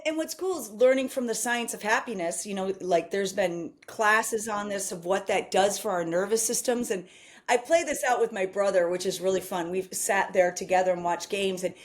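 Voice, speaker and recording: A woman's voice: medium pitch, normal speed. A woman who works as a coach, talking in a casual conversation with enthusiastic, rambling run-on sentences.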